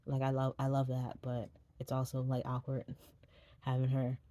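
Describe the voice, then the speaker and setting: A woman's voice: extremely low pitch, monotone, normal speed, dark tone, no echo. A young adult woman, an indie author, rambling casually and self-deprecatingly in a vlog outro, swearing freely.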